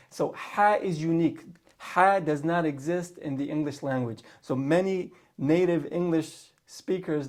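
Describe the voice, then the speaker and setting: A man's voice: on the high side, a little mellow. A man patiently teaching a spoken lesson on letter sounds, repeating each sound for practice.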